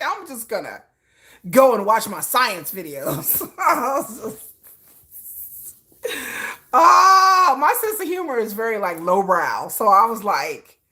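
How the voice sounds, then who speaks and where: A woman's voice: medium pitch, sharp tone. A middle-aged woman hosting a casual livestream, chatting bluntly with viewers, swearing freely and laughing often. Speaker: livestream host.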